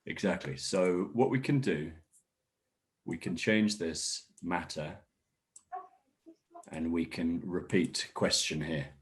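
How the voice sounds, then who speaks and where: A man teaching an online English workshop, encouraging learners and modeling sentences with clear stress. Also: low voice, takes it slowly, pauses often. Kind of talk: online class instruction.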